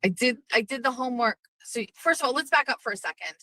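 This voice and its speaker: A middle-aged woman hosts a livestream podcast, ranting brashly and animatedly, swearing as she tells stories. Her high voice is bright and forceful, and she talks fast. The audio is poor but dry and close, with no echo.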